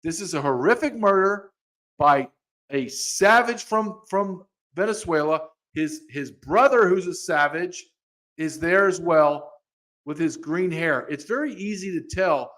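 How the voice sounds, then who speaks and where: A man's voice: fairly high pitch, unhurried, fairly bright tone. A man hosting a podcast, ranting angrily in heated commentary, with frequent restarts and repeated words. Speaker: podcast host.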